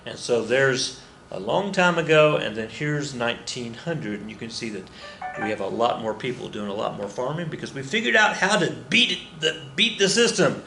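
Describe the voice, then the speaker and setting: A man's voice: mid-range voice, expressive, normal speed, vocal fry, music in the background. A man teaching an anthropology lesson over slides, rambling and self-deprecating, with lots of fillers and asides. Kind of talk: recorded lecture over slides. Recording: echoey room with faint ambient noise.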